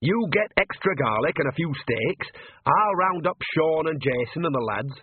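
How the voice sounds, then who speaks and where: A man's voice: fairly high pitch, expressive, normal speed, breathy edge, no echo, phone-quality sound, pitched above the performer's own voice. A man voicing a blunt, cheeky old village witch with a teasing, homely way of talking.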